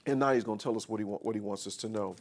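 A man preaching a sermon, reading scripture slowly and explaining it, calling out questions for the congregation to answer. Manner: call-and-response with the congregation; reads scripture slowly then explains, rising louder and higher.

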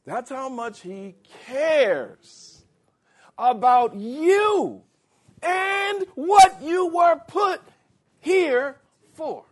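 A man preaching a sermon. He reads scripture slowly, explains it in plain words, and rises to emphatic shouts. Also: very high-pitched, expressive.

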